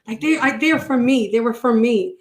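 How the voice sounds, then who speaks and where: A woman's voice: a little high, normal speed. A woman, a podcast guest, speaking casually, teasing and laughing often. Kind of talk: casual conversation.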